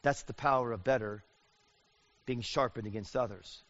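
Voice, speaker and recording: A middle-aged man preaching a sermon in an animated way, acting out the voices he quotes. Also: medium pitch, normal speed, faint music behind. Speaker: pastor. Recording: dull lo-fi sound.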